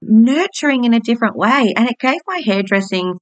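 With a fairly high-pitched voice, lively intonation and a fairly quick pace, an Australian woman in her forties tells personal stories on the podcast she hosts alongside her hairdressing work. She's bubbly and candid, swearing casually, and there's no room sound.

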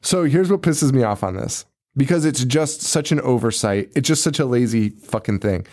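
A man's voice: mid-range voice, moderate pace. A man co-hosting a podcast, chatting casually about a horror movie, swearing a lot and laughing often. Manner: profane, animated, laughs often. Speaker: podcast co-host. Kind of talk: casual movie review chat.

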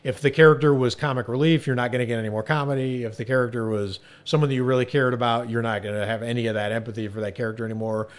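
A man's voice: medium pitch, fairly even intonation, racing, few pauses. A man co-hosting a casual podcast, chatty and enthusiastic, laughing easily. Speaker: podcast co-host.

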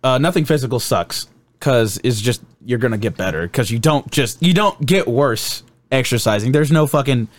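Young man, casual podcast chatter, profane and animated, average pitch. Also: moderate pace. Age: young adult. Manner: swears constantly, laughs and acts out drill instructors. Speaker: podcast guest telling boot camp stories.

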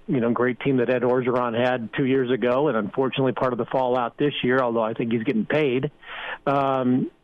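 A man's voice: mid-range voice, dry recording. Guy on sports radio, dull lo-fi dry line, laid back, rambles with sarcastic asides. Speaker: sports radio guest analyst. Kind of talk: casual sports talk radio.

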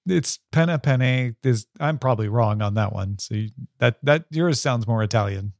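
A man's voice: mid-range voice, lively intonation, normal speed. A man co-hosting a podcast in casual chat, with a dry, teasing way of talking. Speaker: podcast co-host.

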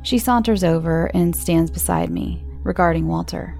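A woman narrating a first-person horror story in a hushed, tense storytelling manner. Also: lowish voice, normal speed, gravelly. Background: music.

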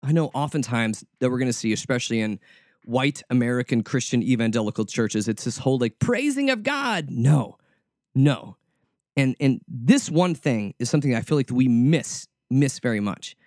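A man's voice: medium pitch, normal speed, mellow, dry recording, studio quality. A male preacher giving a conversational sermon, informal and often repeating words as he searches for the next one.

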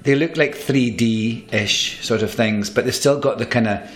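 A man's voice: medium pitch, a little slow. A man who is an actor, telling stories in a casual interview and rambling through restarts. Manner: animated storyteller, rambling with restarts.

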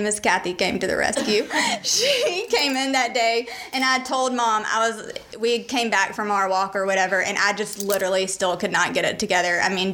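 Young woman, animated storyteller who laughs mid-sentence. Faint hiss behind her. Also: medium pitch. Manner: animated, laughs while telling. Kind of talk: personal storytelling.

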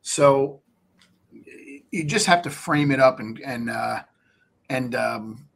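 A man talking as a guest on a podcast in an easy, casual way, with a voice of ordinary middle pitch. He gets animated as he explains, stumbling over and repeating words and slipping into little acted-out pitches to sellers. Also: slow, creaky, slightly rough. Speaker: podcast guest, real estate investor. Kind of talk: casual interview talk.

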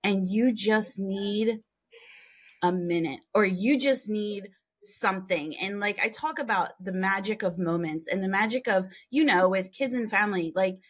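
A woman guesting on a podcast, telling frank, animated stories with mild swearing and big jumps in pitch for emphasis. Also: a little slow, slightly rough. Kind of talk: candid conversational storytelling.

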